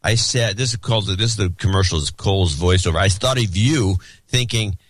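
A man co-hosting a casual chat show, rambling with restarts and quick asides. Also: low-pitched, dry recording. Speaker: podcast co-host.

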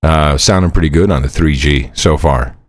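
A man's voice: extremely low pitch, normal speed. A man co-hosting a podcast while on the road, telling a rambling story in casual chat. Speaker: podcast co-host. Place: on the road, far from home studio.

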